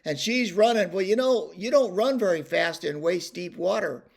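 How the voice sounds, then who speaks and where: A man's voice: high voice, moderate pace, gravelly. Rambling, folksy man telling a story. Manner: rambling and folksy, with many fillers and restarts. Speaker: storyteller host. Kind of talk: casual storytelling vlog.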